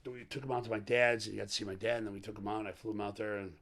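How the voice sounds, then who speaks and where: A middle-aged man, a podcast guest, telling a candid story in a rambling, animated way, acting out the lines of the people in it. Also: on the low side, racing, vocal fry. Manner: animated, rambling, acts out quoted dialogue, laughs often.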